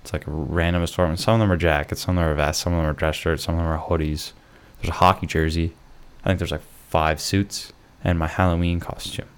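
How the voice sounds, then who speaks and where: A young man talks alone into a mic in his bedroom, drifting from one tangent to the next with a steady stream of fillers. His voice sits low with a gravelly fry, and the humor is dry and self-mocking. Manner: rambling, full of "like" fillers and restarts. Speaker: podcast host. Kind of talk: rambling solo monologue. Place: his bedroom, lamp in the corner.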